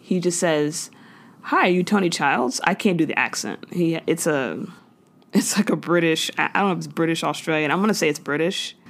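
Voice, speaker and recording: A woman hosts a podcast, recapping a sitcom episode with animated, slangy storytelling. She acts out the characters' lines as she goes. Her voice sits a little low for a woman. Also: a little fast. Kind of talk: casual chat.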